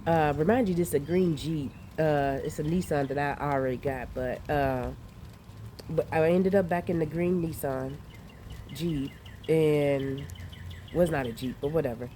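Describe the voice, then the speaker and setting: Profane, animated woman with a mellow voice. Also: low voice, normal speed, slight background noise. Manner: profane, animated, laughs often. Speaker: vlogger recounting dreams. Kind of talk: casual storytelling. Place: outdoors in light rain. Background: rain and outdoor ambience.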